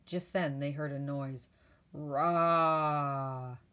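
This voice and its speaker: A woman reading a children's picture book aloud, slow and expressive. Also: lowish voice. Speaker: storyteller.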